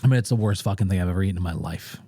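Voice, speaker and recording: A man's voice: low-pitched, racing, dark tone, breathy edge. A man who is a guest on a podcast, bluntly telling food stories in casual, profanity-laced talk. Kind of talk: casual interview storytelling.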